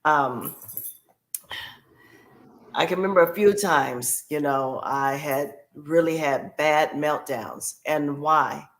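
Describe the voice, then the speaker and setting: A woman's voice: low voice, takes it slowly. A woman guest on a podcast, telling a personal caregiving story in a heartfelt way and repeating key phrases for emphasis.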